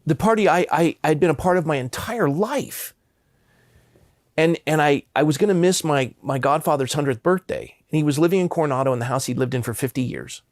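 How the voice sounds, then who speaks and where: A man's voice: a little high, a little fast, no room sound, studio quality. A man in his fifties, a pastor from Southern California, earnestly telling personal stories in an interview. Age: 50s. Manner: earnest, impassioned.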